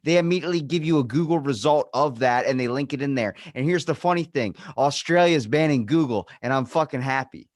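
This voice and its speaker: A man's voice: mid-range voice, brisk, hardly any pauses, no echo, clean studio sound. A man hosting a podcast from Maryland, chatting casually and telling jokey stories with swearing. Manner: joking, storytelling, swearing. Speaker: podcast host. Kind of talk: casual chat.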